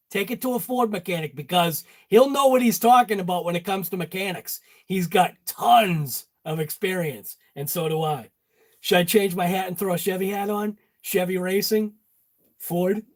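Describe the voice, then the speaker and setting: Jokey high-voiced man in his garage. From Massachusetts. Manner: jokey, talks to viewers by name. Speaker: channel host. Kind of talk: casual workshop chat. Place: home garage workshop.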